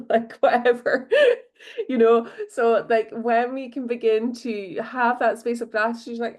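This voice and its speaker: A woman's voice: fairly high pitch, steady tone, moderate pace, a little mellow. Bubbly Scottish woman podcaster. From Scotland. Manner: bubbly, chatty, lots of fillers. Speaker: podcast host. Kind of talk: casual solo podcast talk.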